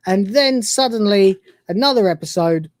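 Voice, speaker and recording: A man's voice: high voice, animated, normal speed, dry recording. A man hosting a live review stream, ranting and swearing in exasperation. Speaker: host.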